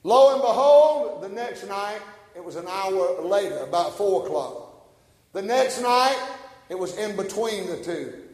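A man preaching a sermon, swinging from quiet storytelling to shouted, passionate bursts. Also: high-pitched, expressive, a little slow, roomy sound, in a large hall, low-quality recording.

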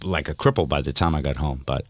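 A man co-hosting a podcast, telling stories in a casual, animated, self-mocking way. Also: extremely low pitch, fast talker, dry recording. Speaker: podcast co-host. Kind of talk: casual storytelling chat.

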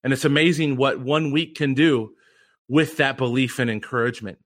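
A man's voice: mid-range voice, fairly even intonation, normal speed. A young man telling an earnest, reflective story as a podcast guest. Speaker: guest, former pitcher and mental conditioning coach.

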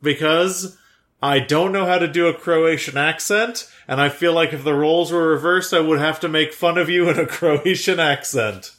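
Man, podcast co-host, casual chat, wry jokes, slightly high voice. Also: moderate pace, fairly bright tone. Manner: joking, wry.

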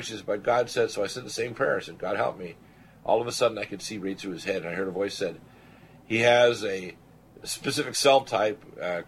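Older guy on talk radio, lowish voice, goes on and on, clears his throat a lot, faint hiss behind. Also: low-quality recording. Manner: animated testimony, rambling with fillers and throat clearing. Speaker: radio show host, physician. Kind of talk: storytelling on a talk radio show.

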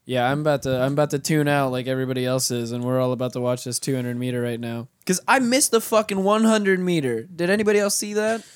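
A man's voice: medium pitch, quick pace, few pauses, clear, resonant tone, no echo, studio quality. A man co-hosting a podcast, giving wry, profane commentary in casual banter. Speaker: podcast co-host.

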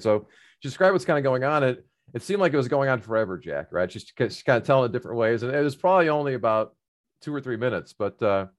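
A middle-aged man casually telling a long personal story, rambling with many fillers and restarts. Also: mid-range voice.

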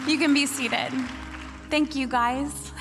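A woman from Washington State speaking at a church service, praying and then chatting in an expressive, emotional way. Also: high-pitched, normal speed, music in the background, a crowd in the background. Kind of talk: prayer and sermon talk.

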